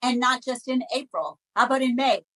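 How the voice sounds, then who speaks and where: A woman hosts a casual interview, cheering on her guest in an upbeat, encouraging way. Her voice sits a little high. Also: a little fast, a bit bright, rough recording. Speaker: interview host, company founder.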